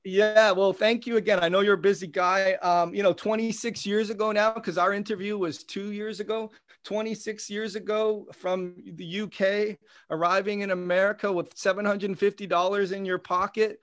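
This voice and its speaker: A man's voice: high-pitched, level tone, moderate pace. A man hosting a podcast, introducing and questioning his guest with frequent fillers. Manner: friendly, hesitant with fillers. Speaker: podcast host. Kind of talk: interview hosting.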